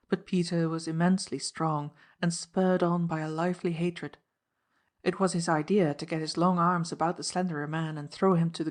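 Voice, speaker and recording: A woman narrating an audiobook in a steady, measured reading. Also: on the low side. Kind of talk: scripted narration.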